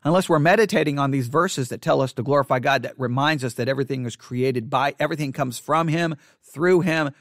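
A male pastor teaching catechesis in sermon style, emphatic and repetitive, hushing his voice for quoted thoughts. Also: medium pitch, brisk, dry recording, clean studio sound.

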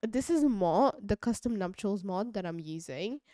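A woman's voice: medium pitch, lively intonation, moderate pace, warm tone, no echo, clean studio sound. A woman giving casual, chatty gameplay commentary, gushing and giggling as she goes. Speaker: let's play creator.

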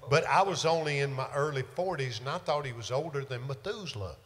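A man's voice: medium pitch, lively intonation, fast talker, fairly bright tone. An older man, a singer hosting a livestream show and telling folksy, joking stories between songs. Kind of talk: casual banter between songs. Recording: reverberant room with music.

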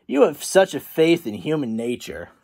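Bossy, teasing little girl, as a man reads her aloud, sing-song, pitched up high for a storybook. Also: very animated, normal speed, vocal fry, a little mellow, breathy edge, exaggerated voice. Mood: sweetly innocent. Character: bossy scheming young girl.

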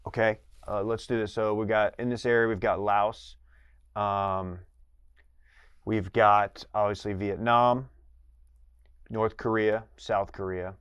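A man's voice: fairly low pitch, fairly even intonation, slow, long pauses, a bit bright, clean tone, no echo, clean studio sound. A man competing in a comedic quiz, rambling through guesses with sarcastic asides. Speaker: quiz contestant. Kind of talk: casual comedic quiz banter.

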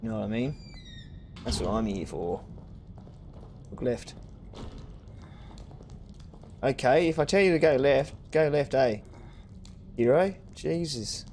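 A young man commentating a horror game playthrough, swearing and ranting with excitable outbursts. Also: mid-range voice, measured pace, pauses often, a little hiss or hum. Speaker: gaming streamer. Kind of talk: let's play commentary.

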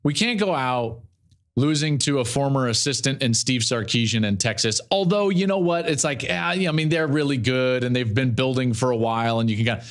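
Emphatic man hosting a football podcast. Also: brisk. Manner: emphatic, repeats phrases, swings pitch widely for emphasis. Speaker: podcast host. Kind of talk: animated sports commentary monologue.

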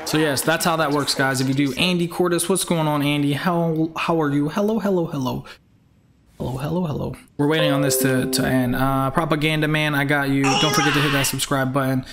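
A man's voice: fairly high pitch, steady tone, fairly quick. A young man hosting a live game stream in casual chat, greeting viewers by name and firmly repeating himself.

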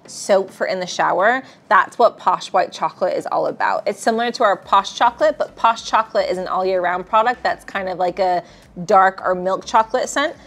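A woman's voice: medium pitch, fairly bright tone. A woman presenting gift products, bubbly and gushing over how cute and delicious everything is. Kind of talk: enthusiastic product showcase.

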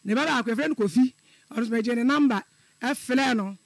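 A man's voice: very high-pitched, fairly quick, gravelly, dry recording. A middle-aged man calling in to a radio show, telling a personal story in an earnest, repetitive way. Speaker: caller.

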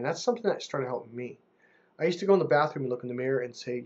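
A man with a fairly high, husky voice, coaching on relationships in a casual talk to camera. He is animated and slips into impressions of other people as he goes. The audio sounds dull and lo-fi. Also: a little fast.

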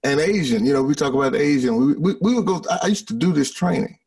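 A man with a gravelly, husky voice talks in a halting way, stumbling over the first words before he lands his point with emphasis. He sounds far from the microphone, as if coming through a distant video call. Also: on the high side, expressive, a little mellow. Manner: halting, stammering starts, emphatic. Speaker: podcast co-host. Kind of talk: casual conversation.

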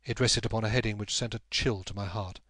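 A man narrating a classic story in a measured, steady audiobook style. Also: fairly low pitch, no echo. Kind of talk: scripted narration.

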